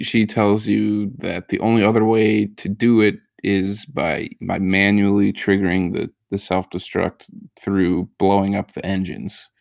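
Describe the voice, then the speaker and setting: A man with a low, gravelly voice chats casually on a gaming podcast. He rambles a bit, circling back with ums and restarts. The sound is dry and close. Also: dry recording. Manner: rambling, lots of fillers and restarts. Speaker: podcast co-host.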